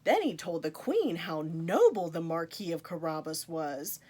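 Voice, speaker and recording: Lively woman reading a children's story. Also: on the low side, measured pace. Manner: animated, playful asides to young listeners. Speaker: storytime reader. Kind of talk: reading a picture book aloud to children.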